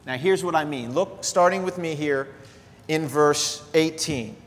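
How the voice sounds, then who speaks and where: Male pastor, middle-aged, sermon, slightly high voice, earnest preaching, long hall reverb. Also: a little slow, slight background noise. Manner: energetic preaching, animated, drops to soft asides. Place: church sanctuary.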